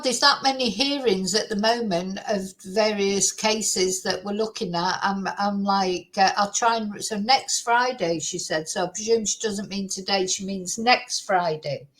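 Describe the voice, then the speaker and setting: A woman's voice: medium pitch, measured pace, fairly bright tone, poor audio. Exasperated woman ranting. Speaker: true crime YouTuber. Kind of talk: casual commentary to camera.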